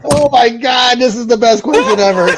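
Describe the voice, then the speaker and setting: A man's voice: extremely high pitch, noisy background. A man co-hosting a casual livestream chat, joking and laughing often. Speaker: co-host.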